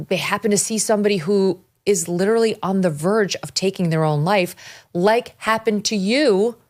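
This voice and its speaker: A woman hosts a podcast interview, putting questions to her guest in a measured, conversational way. Her voice sits on the low side for a woman. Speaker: podcast host.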